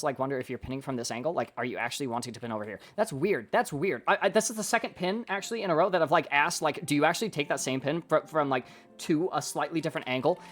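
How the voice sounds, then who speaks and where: Excitable man coaching gameplay on stream. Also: fairly high pitch, gravelly. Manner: excitable, rambling, thinks aloud. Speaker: game coach reviewing gameplay. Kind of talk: casual live-stream coaching commentary.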